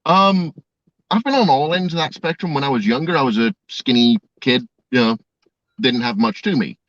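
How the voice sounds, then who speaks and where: A man from Northern England, a guest filmmaker, talking in a relaxed, plain-spoken way. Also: medium pitch, moderate pace, no room sound. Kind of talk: casual interview chat. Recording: dry, lo-fi.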